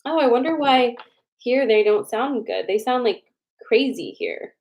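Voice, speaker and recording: Chatting on a laid-back livestream, a young woman welcomes viewers by name and slowly reads back their picks ahead of a card reading. She sounds fairly high and lively with a darkish tone, over a rough recording.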